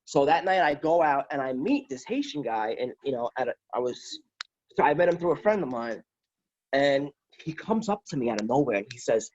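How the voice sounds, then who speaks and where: A man's voice: medium pitch, expressive, a little fast, darkish tone. A man, a guest on a show, telling a personal story in casual talk, rambling, restarting and quoting others. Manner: rambling, repeats words and restarts; quotes others with "he's like". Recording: dull lo-fi sound.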